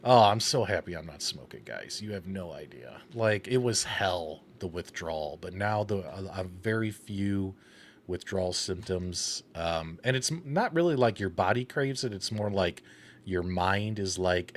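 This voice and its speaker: Laid-back, lower-voiced man rambling on a stream. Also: expressive, a little slow, slight background noise. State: catching his breath. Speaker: co-host of an arcade gaming show. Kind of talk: casual live-stream chat.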